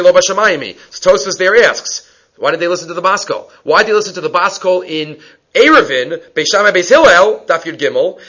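A man's voice: fairly high pitch, bright, forceful tone, slightly rough. A man teaching a Talmud class, reading Aramaic lines and explaining them in English, asking and answering his own questions. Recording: dull lo-fi recording.

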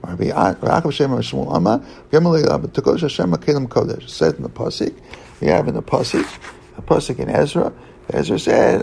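A man teaching a Talmud lesson in a halting way, restarting his sentences often and mixing English with Hebrew and Aramaic terms. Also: mid-range voice, expressive, vocal fry, a little mellow, a little hiss or hum, low-quality recording. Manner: halting, with many restarts and fillers. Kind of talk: Talmud study lecture.

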